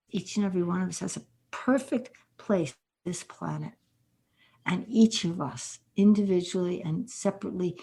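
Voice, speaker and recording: A woman's voice: on the low side, creaky, darkish tone. An older woman, a guest author on a podcast interview, telling earnest stories with quoted dialogue.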